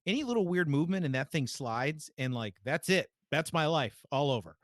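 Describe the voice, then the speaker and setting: Man podcast co-host; mid-pitched voice; dry, close recording; makes joking asides. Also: lively intonation, brisk, no echo. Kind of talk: casual podcast chat.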